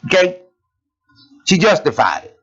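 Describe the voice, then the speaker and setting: Fiery, high-pitched man preaching with swooping emphasis. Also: sing-song, unhurried, a bit bright. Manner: emphatic, fiery rhetorical questions, blunt casual phrasing. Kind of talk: sermon. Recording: dull lo-fi recording.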